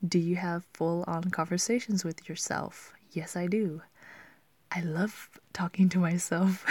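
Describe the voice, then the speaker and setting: Giggly young woman half-whispering, gravelly. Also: on the low side, a little mellow, dry recording. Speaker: vlogger. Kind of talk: casual questionnaire chat.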